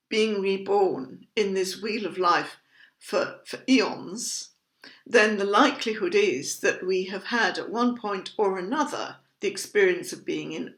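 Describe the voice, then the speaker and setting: A woman teaching about Buddhism in a measured, thoughtful educational talk, patiently explaining terms. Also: mid-range voice. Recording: roomy echo.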